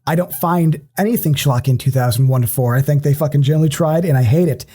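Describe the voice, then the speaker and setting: Man, podcast co-host, mellow tone, casual film chat, animated, swears a lot. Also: on the high side, fast talker. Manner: animated, swears freely, many restarts. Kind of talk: casual movie-discussion chat.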